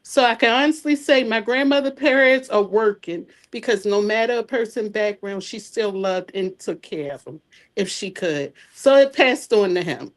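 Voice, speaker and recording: A middle-aged woman guest telling her family story in a heartfelt, animated way. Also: medium pitch, normal speed. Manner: animated, heartfelt, acts out dialogue. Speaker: interview guest. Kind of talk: emotional personal storytelling.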